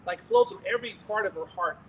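A man preaching, telling a testimony in an animated, rambling way with laughs and restarts. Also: sits high, quick pace, a little hiss or hum, rough recording. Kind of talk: sermon testimony storytelling.

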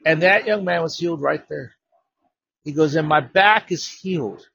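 Husky, bright-voiced male preacher. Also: fairly high pitch, moderate pace, dry recording. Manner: storytelling, repeats words, rises to loud emphatic preaching. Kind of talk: sermon.

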